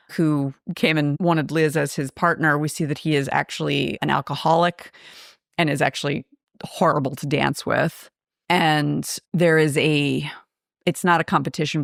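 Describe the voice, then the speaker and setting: Low-voiced woman recapping a film. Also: gravelly, dry recording, clean studio sound. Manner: chatty, animated retelling with quoted dialogue. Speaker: podcast host.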